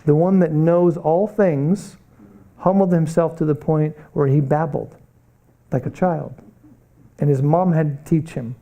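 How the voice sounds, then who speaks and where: Bright, animated missions teacher, a man. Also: a little high, a little slow. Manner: earnest, animated preaching with rhetorical questions. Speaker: Bible college missions teacher. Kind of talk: classroom lecture.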